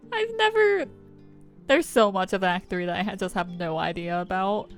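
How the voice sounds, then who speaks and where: A woman's voice: medium pitch, animated, normal speed, faint music behind. A woman streaming a game, chatting casually, giggling and swearing as she reacts. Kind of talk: casual let's-play commentary.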